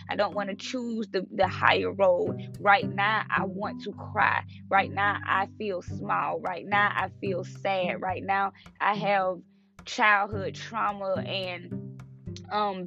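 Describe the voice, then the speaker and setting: Young woman podcast host, gravelly voice, earnest affirmations, casual swearing, lo-fi audio with music under it. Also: medium pitch. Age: 20s. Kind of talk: casual motivational monologue.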